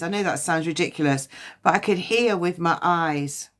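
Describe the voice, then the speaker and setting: Woman psychic doing a past life reading on a live, slow and searchy, keeps repeating words, lowish voice. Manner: halting, searching, repeats words and phrases as impressions come. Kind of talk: livestream reading and guided release. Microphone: phone livestream.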